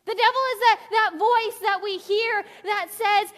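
A woman pastor preaching a sermon with energetic, earnest delivery and quick restarts. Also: very high-pitched, faint music behind. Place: church sanctuary. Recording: long reverb of a church hall.

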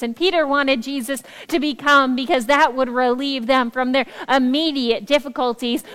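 A woman's voice: high voice, a bit bright, in a large hall. A woman pastor preaching a sermon in an earnest, emphatic way, repeating her key phrases.

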